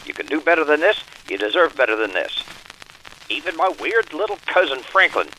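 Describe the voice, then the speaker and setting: Guy doing a bright, blustery old-timey president yelling at the public, real preachy. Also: fairly high pitch, very animated, fairly quick, slight background noise, low-quality recording. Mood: ranting. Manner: emphatic, repetitive, oratorical haranguing. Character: blustering early-1900s male president, ranting.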